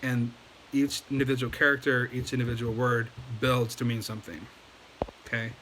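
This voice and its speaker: A man's voice: medium pitch, little pitch movement, moderate pace, bright, forceful tone, slight background noise, rough recording. A man giving a casual language lesson at home at night, patiently explaining and checking in with okay after each point. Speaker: Chinese language teacher.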